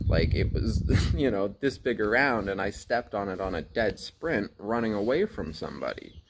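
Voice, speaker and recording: A young man tells a personal story straight to camera in a candid, loose vlog manner, with curse words slipping in. His voice sits on the lower side. A faint hum of ambient noise sits behind him. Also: moderate pace. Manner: candid, animated retelling with swearing and laughs. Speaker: vlogger.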